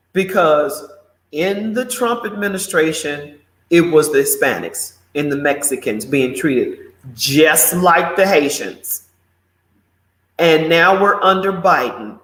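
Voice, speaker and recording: A man hosting a live morning show delivers outspoken commentary and answers viewer comments exclamatorily. His voice is on the high side and a bit bright, and the recording has a roomy echo.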